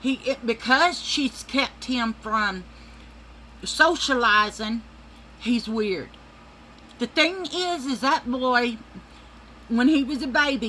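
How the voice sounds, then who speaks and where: Woman vlogger, heated profane rant, bright edgy voice, faint room hiss. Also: fairly high pitch, rough recording. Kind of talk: casual rant to camera.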